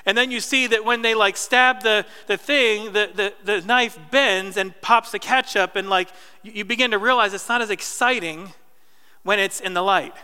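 A man's voice: sits high, normal speed, pushed and bright, clear, resonant tone. A man in his thirties from New Jersey, preaching a sermon in casual, story-driven talk with asides to the congregation. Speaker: pastor. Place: church hall. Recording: reverberant church hall.

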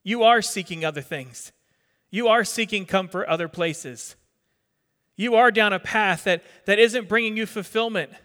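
High, bright-voiced middle-aged preacher. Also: male voice, moderate pace. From New Jersey. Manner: conversational, quizzes the congregation, repeats words. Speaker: pastor. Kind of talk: sermon. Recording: long reverb of a hall.

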